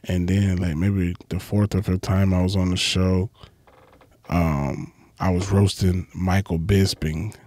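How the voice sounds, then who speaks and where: A man, a comedian guest, telling stories in casual chat, profane and animated, acting out quotes with big leaps in his voice. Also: a little slow, no echo. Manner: profane, acts out quotes with big jumps in pitch.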